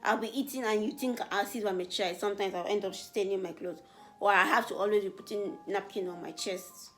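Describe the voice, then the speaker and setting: A young woman from Africa chatting casually and earnestly in a get-to-know-me Q&A, her voice rising when she gets excited. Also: mid-range voice, fairly quick, faint music behind. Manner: animated, voice rises when excited. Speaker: beauty vlogger.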